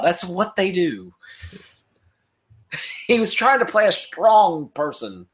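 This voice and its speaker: A man's voice: sits high, very animated, takes it slowly. A man co-hosting a podcast, rambling and joking in casual chat about wrestling, often trailing off and restarting. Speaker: podcast co-host.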